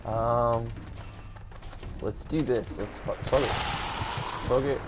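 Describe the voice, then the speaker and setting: A man giving gameplay commentary as a let's play host, excitable and swearing a lot. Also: mid-range voice, slow, over loud music. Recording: game audio and gunfire behind.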